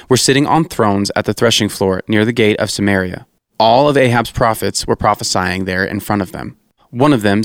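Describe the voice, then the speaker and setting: A man reads scripture in a steady, measured way. His voice is low-pitched and sounds dry and close, with no room around it. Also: no room sound. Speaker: scripture reader. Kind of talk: scripted Bible reading.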